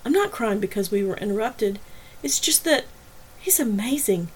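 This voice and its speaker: A lovesick adult heroine in a spoken romance novel, quiet and heartfelt, voiced by a woman narrator. She sounds much like the narrator herself, only lower-key. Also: expressive, moderate pace, slightly rough, low-quality recording.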